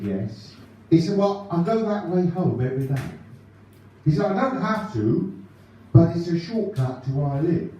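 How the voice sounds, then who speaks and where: A nervous, giggling stand-up comedian stumbles happily from joke to joke, as a man impersonates him on stage. The voice sits high and mellow. It is caught from far off in a very echoey hall. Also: slight background noise. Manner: nervous laughing, rambling gag delivery. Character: giggly, rambling male stand-up comedian impression. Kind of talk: live stand-up impression. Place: live concert venue.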